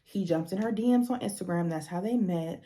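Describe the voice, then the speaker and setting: A woman's voice: fairly low pitch, brisk, dark tone. A young woman giving a casual, blunt and profane recap of a reality show, acting out the people she quotes.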